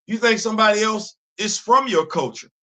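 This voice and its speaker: A middle-aged man talks through a casual streamed monologue, circling back and repeating his points emphatic slang. His voice sits high for a man and rings bright and forceful. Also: fairly quick. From Bronx, New York, USA. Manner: conversational, repeats and restarts, street slang, emphatic. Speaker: show host. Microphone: streaming setup.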